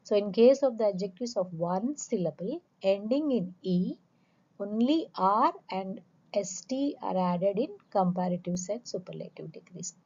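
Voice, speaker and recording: A woman's voice: medium pitch, animated, measured pace, darkish tone, breathy edge. A woman teacher explaining a grammar lesson, patient, repeating examples and spelling words out letter by letter. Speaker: English teacher. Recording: dull lo-fi recording.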